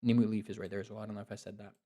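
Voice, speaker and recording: Man, live game commentary, excitable, cheering, a bit tired, dark mellow tone. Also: lowish voice, rapid-fire. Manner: excitable, laughing, cheering players on. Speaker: game commentator and league host.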